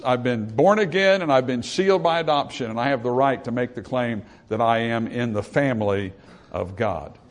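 At a moderate pace and with a mid-range voice, a man preaches a sermon, reading scripture and explaining it in a plain, talk-like style. Filler-filled asides crop up, and some passages escalate through repetition and rising emphasis.

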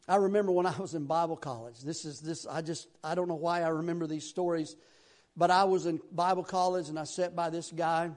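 A middle-aged man from Tennessee with a Southern accent, preaching a sermon in a folksy, rambling way with sudden loud bursts. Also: a little high. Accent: Southern American. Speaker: pastor.

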